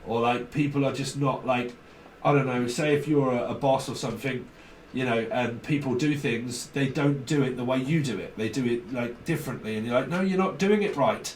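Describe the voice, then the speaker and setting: A man's voice: mid-range voice, fairly even intonation, moderate pace, few pauses, echoey room, distant mic, slight background noise, poor audio. A man giving a casual tarot reading, rambling and blunt, swearing freely. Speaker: tarot reader.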